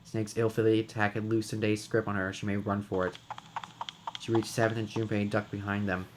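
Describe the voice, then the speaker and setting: A man's voice: on the low side, flat delivery, fairly quick, noisy background. A man reading a visual novel aloud dramatically, now and then stumbling over words. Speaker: game reader and narrator.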